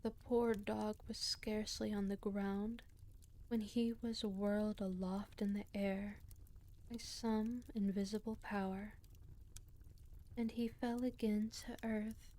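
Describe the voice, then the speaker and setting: A woman reading folk tales aloud as a storyteller, in a slow, hushed voice that often drops to a half-whisper. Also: medium pitch, flat delivery.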